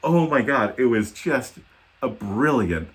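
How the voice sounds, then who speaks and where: A man's voice: mid-range voice, very animated, slow. Rambling man telling a dad story. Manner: rambling, self-deprecating, many ums and likes. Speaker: podcast co-host. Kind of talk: casual storytelling chat.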